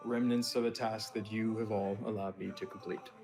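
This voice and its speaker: A man's voice: on the low side, little pitch movement, normal speed, music in the background. A man playing his character in a tabletop game, speaking steadily and plainly. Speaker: player.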